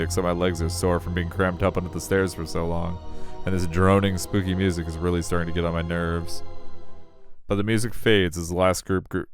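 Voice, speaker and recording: A man reading a visual novel aloud, wry and self-deprecating as the narrator. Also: low-pitched. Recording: faint music behind.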